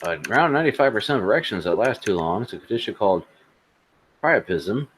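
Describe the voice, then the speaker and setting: A man's voice: fairly low pitch, big pitch swings, fast talker, slight background noise, low-quality recording. A man co-hosting a casual tech podcast, blunt, sarcastic and profane in his remarks. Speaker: podcast co-host.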